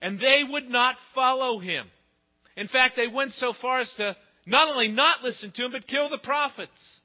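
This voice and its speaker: A middle-aged man preaching a sermon, telling stories with big swings in pitch and loudness. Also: normal speed. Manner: expressive storytelling, pitch and volume swing widely. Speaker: pastor. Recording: dull sound with long hall reverb.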